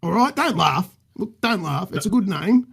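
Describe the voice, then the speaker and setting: Here an Australian man puts on a heavily acted, high-pitched voice with big pitch swings, vocal fry, and a fairly bright, slightly rough tone. At normal speed he improvises a cheeky, crude, boastful middle-aged bloke guesting on a podcast, rambling on and swearing without restraint.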